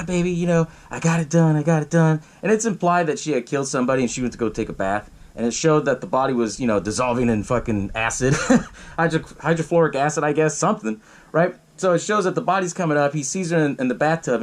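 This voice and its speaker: A man's voice: a little high, low-quality recording. A man hosting a podcast, recapping a movie in a loose, profane way and laughing often. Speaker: podcast host.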